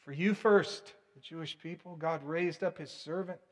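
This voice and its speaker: A preacher delivers a sermon with earnest emphasis, his voice pitched a little high for a man. He moves at a moderate pace with few pauses, punching out key words loudly before sinking into a quiet, hushed appeal.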